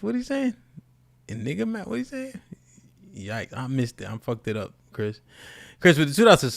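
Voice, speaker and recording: Animated, profane podcast host man. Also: a little high, fairly quick, vocal fry, long pauses. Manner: animated, profane, reads out super chats. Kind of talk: casual live-stream chat.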